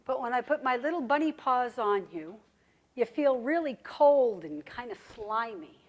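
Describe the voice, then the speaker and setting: Storybook rabbit: a blind male, soft, earnest, a bit high, a woman doing him. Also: animated, moderate pace.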